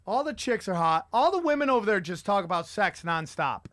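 A man hosting a casual podcast, telling rambling, profane stories with animated energy. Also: high voice, brisk, no echo, studio quality. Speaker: podcast host and comedian. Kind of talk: crude casual chat.

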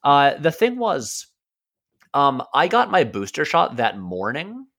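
A man's voice: a little high, wildly swooping pitch, takes it slowly, fairly bright tone. A man guesting on a film podcast, telling a story in a hesitant, rambling, self-amused way. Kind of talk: casual anecdote.

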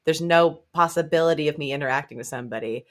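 Expressive woman guest on a podcast. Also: low-pitched, quick pace. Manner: expressive, musing, acts out quotes. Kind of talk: casual chat.

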